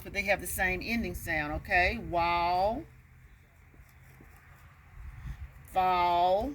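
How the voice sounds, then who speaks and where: A woman teaches parents how to work on reading with a nursery rhyme, sounding out words and checking in with "okay." Her voice is medium pitch and a bit bright, with a little hiss or hum.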